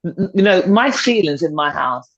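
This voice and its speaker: A middle-aged woman talks as a podcast guest, pressing her points home with repetition and a lot of swing in her pitch. Her voice has a breathy, husky edge. The recording sounds a little dull and lo-fi. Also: sing-song, normal speed. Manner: emphatic and persuasive, repeats points for stress. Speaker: guest, fitness and confidence coach. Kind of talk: motivational conversational talk. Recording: dull, slightly lo-fi podcast audio.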